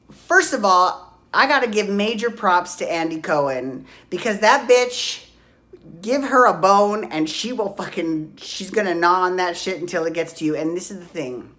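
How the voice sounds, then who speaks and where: A woman in her forties recapping reality TV in a gossipy, profane, excitable way, recorded on a phone at home. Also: lowish voice. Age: 40s. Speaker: podcast host. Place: hot room at home.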